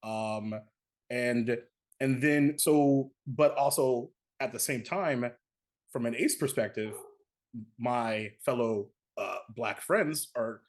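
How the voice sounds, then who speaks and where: A man's voice: mid-range voice, slow pace. A man moderating a casual panel discussion, talking animatedly with lots of fillers and restarts.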